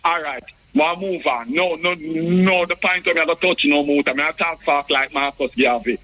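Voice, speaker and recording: A man's voice: on the high side, moderate pace, bright, forceful tone. A man with a Jamaican accent calling in to a radio show, rambling and repeating himself with many stumbling restarts, heard over a tinny phone line. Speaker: radio call-in caller. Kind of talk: rambling phone-in chat in patois.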